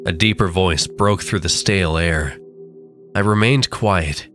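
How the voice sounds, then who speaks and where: A man narrating a creepy story with slow, dramatic delivery. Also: sits low, fairly bright tone, soft background music. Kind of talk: scripted horror narration.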